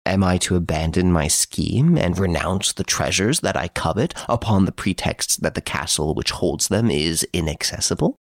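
A man reading an audiobook, voicing a suave, boastful gentleman thief who mocks his jailers from his prison cell. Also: sits low, normal speed, few pauses, dry recording, studio quality. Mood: mocking, playful. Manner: playful, teasing, boastful.

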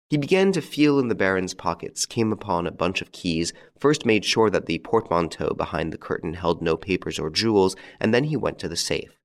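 A man narrating an audiobook in a measured, steady storytelling manner. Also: sits low. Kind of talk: scripted narration.

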